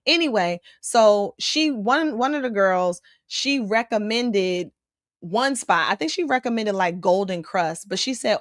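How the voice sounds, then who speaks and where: A woman's voice: a little high, moderate pace, dry recording, clean studio sound. A woman hosting a live stream, reading out viewer comments about food and chatting back casually. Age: adult. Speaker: host reading live chat.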